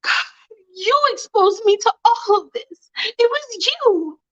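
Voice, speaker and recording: A woman's voice: very high-pitched, lively intonation, takes it slowly, lo-fi sound, pitched above the performer's own voice, exaggerated voice. A woman voicing an angry, cold-hearted teenage girl who cusses and cuts her friend down. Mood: furious. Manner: cutting, cussing, furious.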